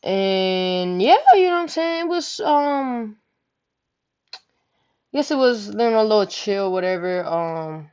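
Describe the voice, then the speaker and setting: A woman's voice: medium pitch, expressive, a little slow, darkish tone, clean tone, dull audio. A young woman vlogger telling a story casually, profane and rambling, often asking "you know what I'm saying". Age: young adult.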